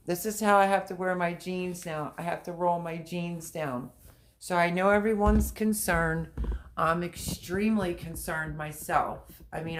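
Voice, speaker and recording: Rambling candid woman in echoey room. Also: on the low side. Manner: rambling, candid and emotional, repeats herself. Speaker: livestream host. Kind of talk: casual livestream chat.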